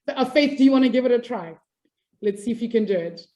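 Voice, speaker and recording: A woman's voice: fairly high pitch, expressive, fast talker, dark tone. A woman teaching a maths class online, upbeat and chatty, apologizing and laughing easily as she explains.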